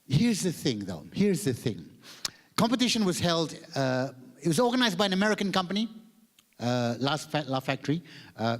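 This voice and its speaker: A middle-aged Malaysian man with a Malaysian accent, telling a self-mocking stand-up story on stage and mimicking voices. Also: a little high. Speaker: comedian, guest performer. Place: large hall on stage. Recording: long hall reverb.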